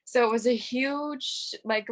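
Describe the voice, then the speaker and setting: A woman's voice: fairly high pitch, slow pace. A woman in her twenties, a guest in a casual interview, talking in a gushing way and saying "like" a lot. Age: 20s. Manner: gushing, says "like" often. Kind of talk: casual chat.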